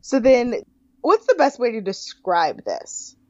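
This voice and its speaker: A woman's voice: on the high side, very animated, slow pace, no echo, dull audio. A young woman co-hosting a podcast, chatting casually and laughing often. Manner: giggly, frequent laughter. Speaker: podcast co-host. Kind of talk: casual chat recapping a reality show.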